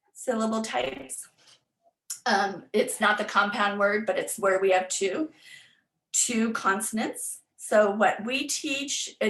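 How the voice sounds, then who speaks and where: A woman literacy tutor with a mid-range, fairly bright voice presents an online workshop, explaining things step by step. She often says "um" and restarts, and the room sounds echoey.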